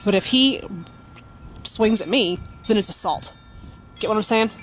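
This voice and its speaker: A woman tells a story straight to the camera from her home, mid-pitched and plain-spoken. She swears freely and leans on fillers as she talks. A faint hiss sits under her voice. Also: unhurried. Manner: blunt and profane, many fillers. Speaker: vlogger.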